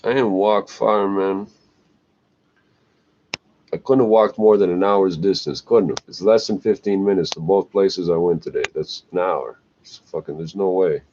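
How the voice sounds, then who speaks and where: A man's voice: low-pitched, normal speed, darkish tone. A man, going on an agitated, profane, rambling rant. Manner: agitated, swearing, trailing "eh?". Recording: dull lo-fi recording, faint noise.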